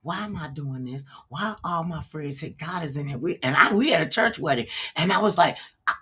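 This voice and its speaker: Woman host, husky bright voice, animated storyteller, casual chat, acts out quotes. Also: low voice, brisk. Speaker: talk show host.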